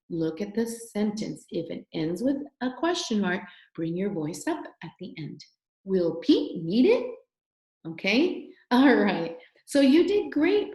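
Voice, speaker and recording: A woman teacher walks young children through a phonics lesson in a slow, patient, sing-song way, with a gravelly edge to her voice. She sounds encouraging throughout. The recording has an echoey room sound. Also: medium pitch, darkish tone.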